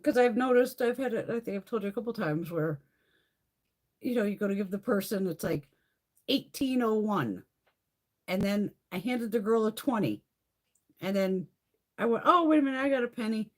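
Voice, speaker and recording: This is a woman in middle age hosting a casual live stream. Her voice has a husky, breathy edge and leaps around in pitch as she tells stories. She swears freely and laughs often. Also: normal speed, long pauses. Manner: profane, animated storytelling with frequent laughs. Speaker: livestream host.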